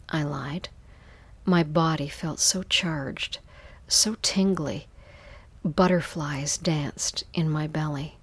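A woman reads an intimate first-person story in a soft, hushed voice. Her tone is low and breathy, and she takes it slowly and unhurriedly. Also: steady tone, dry recording. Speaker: narrator.

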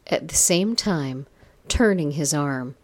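A woman reading a first-person story aloud, with a soft, intimate delivery. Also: low voice, animated, slow pace. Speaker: narrator.

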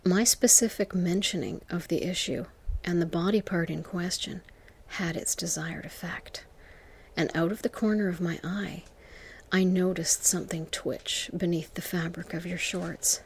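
A woman narrating an intimate whispered role-play to the listener, in a soft, slow, seductive whisper. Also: fairly low pitch, fairly even intonation, breathy edge.

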